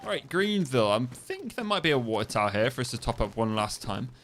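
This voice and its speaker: A man's voice: mid-range voice, very animated, quick pace, a bit bright. Guy streaming a game, laughs a lot, swears, keeps trying out a foreign phrase, faint background noise. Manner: laughing, repeating foreign phrases to get them right; swears freely, thinks aloud. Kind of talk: casual livestream commentary.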